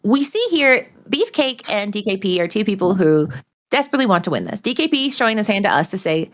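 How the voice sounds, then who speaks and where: Female co-commentator, mid pitch, upbeat, addresses the stream chat. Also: very animated, fairly quick. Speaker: card game commentator. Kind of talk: live tournament commentary.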